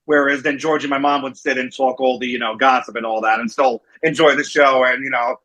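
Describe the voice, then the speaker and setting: A man's voice: mid-range voice, steady tone, a little fast, sharp tone, muffled recording. A man with a New Jersey accent, a wrestling manager and guest, telling stories in a casual interview over a remote call. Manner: storytelling, acting out quoted voices.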